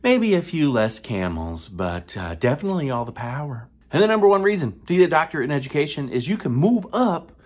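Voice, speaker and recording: An animated man runs a jokey top-five countdown for a sponsor, his pitch bouncing up and down. He talks playfully and drops into sudden whispered asides. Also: fairly quick, few pauses. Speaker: comedian host of a sponsored segment.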